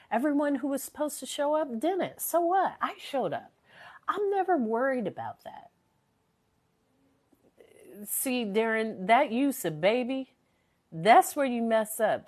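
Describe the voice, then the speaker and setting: A woman hosting a live stream, talking earnestly and motivationally, repeating phrases for emphasis, her voice a little worn from a sore throat. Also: a little high. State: recovering from a sore voice. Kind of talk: casual live-stream chat.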